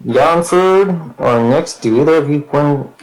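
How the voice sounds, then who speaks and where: A man's voice: fairly high pitch, moderate pace, poor audio. A man playing in a tabletop game, casually talking through his plans. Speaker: player. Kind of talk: casual tabletop play online.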